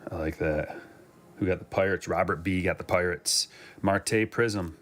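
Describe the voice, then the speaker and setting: Low-voiced man chatting through a card break. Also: measured pace, fairly bright tone, soft background music. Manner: chatty, joking asides while opening packs. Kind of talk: casual live-stream commentary.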